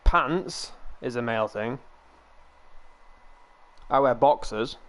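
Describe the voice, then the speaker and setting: A man's voice: medium pitch, takes it slowly. Rambling young man on a headset. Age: 20s. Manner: rambling, chuckling often. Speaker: livestreamer. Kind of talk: casual chat with stream viewers. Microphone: gaming headset.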